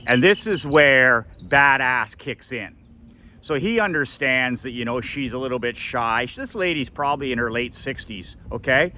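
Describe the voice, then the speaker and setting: A middle-aged man with a bright, forceful, somewhat tense voice tells a personal story. He is emphatic and blunt, driving his points home and cursing freely along the way. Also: medium pitch, animated, moderate pace, slight background noise. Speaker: motivational coach.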